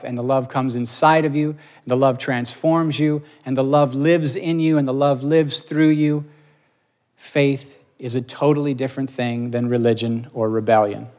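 A man's voice: fairly high pitch, darkish tone. A man preaching a sermon as pastor, talking in a conversational way and checking in with his listeners.

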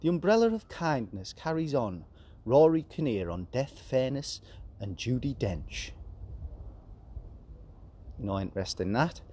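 A man in his forties hosting a casual podcast, reading news headlines aloud with deadpan, sarcastic asides. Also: mid-range voice, a little slow, long pauses, breathy edge. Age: 40s. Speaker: podcast host.

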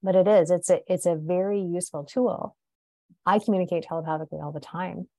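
A woman's voice: fairly low pitch, fairly even intonation, a little fast, dark tone, no room sound. A woman hosting a podcast, talking in an emphatic, conversational way and often tagging her points with "right?". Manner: emphatic, tag questions like "right?". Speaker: podcast host.

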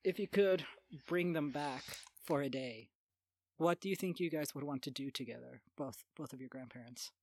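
An interviewer asking soft, slow questions. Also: medium pitch, no room sound.

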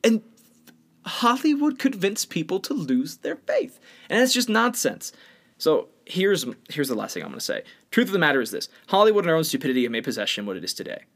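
A man co-hosting a podcast, talking bluntly and opinionatedly in casual chat, swinging between louder bursts and quiet stretches. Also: a little high, big pitch swings, a little fast. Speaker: podcast co-host.

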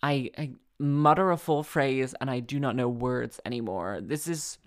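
Chatting alone on her podcast, a woman with a bass voice speaks at a moderate pace. She sounds tired and casual, wandering off track, starting sentences over, and slipping in self-deprecating remarks.

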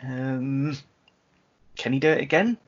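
A man co-hosting a podcast, chatty and quick to laugh, trailing off mid-thought in casual banter, on a dull lo-fi recording. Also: mid-range voice. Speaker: podcast co-host.

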